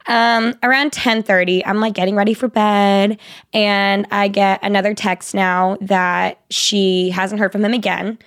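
A woman's voice: mid-range voice, flat delivery, measured pace, a bit bright. A young woman co-host telling a story in casual chat, full of fillers. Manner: chatty, lots of "like" fillers.

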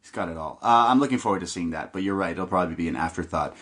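A man's voice: low voice, rapid-fire, fairly bright tone. A young man hosting a podcast who recaps a wrestling show in loose, jokey chat with the odd swear word. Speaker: podcast host.

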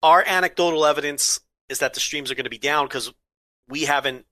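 A man's voice: a little high, a little fast, sharp tone, dry recording. A man co-hosting a podcast in casual chat, making wisecracks and sarcastic asides. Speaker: podcast co-host.

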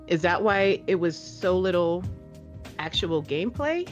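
A woman's voice: fairly low pitch, very animated, unhurried, highs cut off, soft background music. A woman in casual chat, asking questions in a chatty way with many fillers. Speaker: interviewer.

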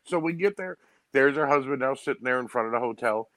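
A man on a podcast panel, chatting casually and telling animated stories, often giggling and imitating other people's voices. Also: mid-range voice, fast, no room sound. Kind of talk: casual chat.

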